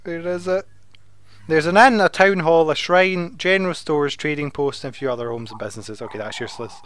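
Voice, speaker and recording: A man's voice: a little high, a little fast, fairly bright tone, slight background noise. A man running a tabletop game as dungeon master, loose and swearing as he reads through the adventure aloud.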